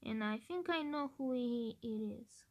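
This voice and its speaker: Her pitch sits fairly high and she speaks a little slowly. This Romanian gaming video creator muses aloud over her game predictions in a casual game-theory chat, often starting over hesitantly.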